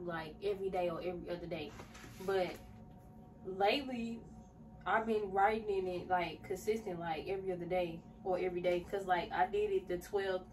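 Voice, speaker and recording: A young woman, talking casually in a vlog in a rambling way with many fillers. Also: mid-range voice. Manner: rambling, filler-heavy, addresses viewers as y'all. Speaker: vlogger. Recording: distant mic with faint background hiss.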